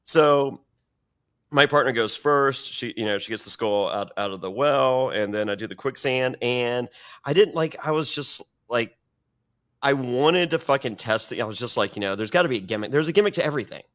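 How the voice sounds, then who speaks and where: A man's voice: medium pitch, normal speed, a bit bright, clean tone. A man telling a story as an interview guest, swearing often and restarting his sentences. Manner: profane, rambling with many restarts.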